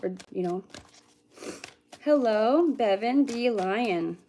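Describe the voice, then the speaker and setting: A woman's voice: fairly high pitch, animated, slow, warm tone, a little hiss or hum. A woman who is a psychic medium, chatting casually with livestream viewers. She greets them by name and hums and mutters to herself between readings.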